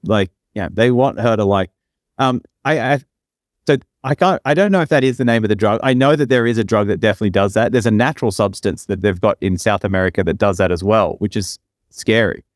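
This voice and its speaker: A man's voice: fairly low pitch, no room sound, clean studio sound. A man co-hosting a podcast, telling rambling stories full of fillers and restarts. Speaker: podcast co-host. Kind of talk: casual podcast chat.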